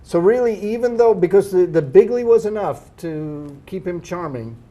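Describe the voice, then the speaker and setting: A man's voice: sits high, animated, moderate pace, dark tone. A male host running a live web game show, making quippy wry asides.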